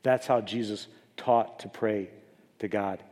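A man preaching a sermon as pastor. He swings between loud, high emphasis and low, quiet asides. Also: fairly even intonation, takes it slowly. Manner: rises loud and high for emphasis, then drops low and soft. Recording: long hall reverb.

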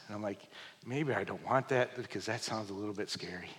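A man preaching a sermon, swinging between loud emphatic lines and hushed, quiet ones. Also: medium pitch, animated, quick pace. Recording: long hall reverb.

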